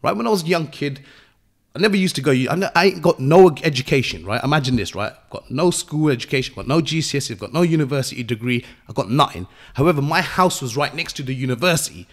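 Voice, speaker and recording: Talking fast with lively intonation, this young English entrepreneur has a slightly high voice and an English accent. He's a guest on a podcast interview from England, lecturing his audience in blunt terms full of street slang and swear words.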